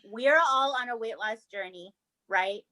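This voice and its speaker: A woman's voice: a little high, a little slow, pushed and bright. A woman co-hosting a casual true-crime podcast, chatty and laughing often. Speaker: podcast co-host. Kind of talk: casual chat.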